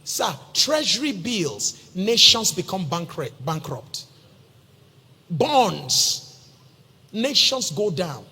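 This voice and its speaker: Nigerian male pastor, high husky voice, echoing hall, storytelling sermon with humor. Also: big pitch swings, drawn-out words, sharp tone. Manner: storytelling, humorous, addresses listeners as sir. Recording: long hall reverb.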